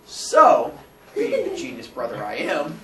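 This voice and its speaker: A lively man telling a comic story about his own childhood. His pitch swings wide as he acts out the voices of those in it. He sits a little back from the mic in an echoey room with faint ambience. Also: unhurried, recorded from a distance, heavy background noise. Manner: animated, acts out voices with squeals and laughs.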